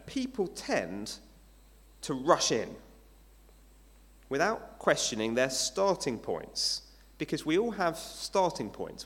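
A man's voice: medium pitch, fairly bright tone. A male pastor giving a sermon in a conversational way, asking his listeners rhetorical questions. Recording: long hall reverb.

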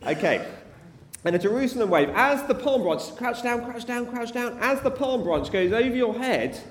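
A man's voice: very high-pitched, animated, moderate pace, slight background noise. A man preaching at a family service, talking playfully to the children and coaxing them to join in. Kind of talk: lively children's talk in church. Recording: roomy church hall with faint ambience.

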